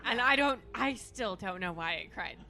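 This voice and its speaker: Twenty-something woman podcast cohost, rambly and hesitant, kinda high voice. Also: animated, normal speed, sharp tone. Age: 20s. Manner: rambling, hesitant with fillers, laughing. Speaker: podcast co-host. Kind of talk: casual chat.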